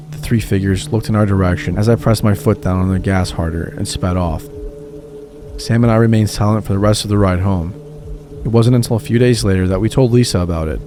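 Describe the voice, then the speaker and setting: A man narrating true scary stories in a calm, scripted storytelling read. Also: fairly low pitch. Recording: voice-over with music behind.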